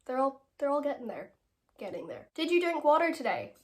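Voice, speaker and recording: A young Irish woman in her late teens, an actress working through fan questions. She has a slightly high voice, rambles cheerfully and giggles often between answers. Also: big pitch swings, brisk, a little mellow, a little hiss or hum. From Ireland. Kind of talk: casual Q&A.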